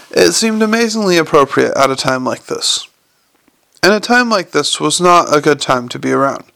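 A man narrating an audiobook in a measured, wry storytelling manner. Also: a little high, expressive, vocal fry, bright, forceful tone, dry recording. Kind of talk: scripted narration.

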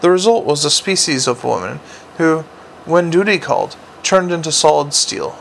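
A man's voice: on the high side, normal speed, gravelly, a bit bright, slight background noise. A man narrating a fantasy story aloud, often stumbling and restarting words. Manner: reads with frequent slips and restarts. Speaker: audiobook narrator. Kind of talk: audiobook narration.

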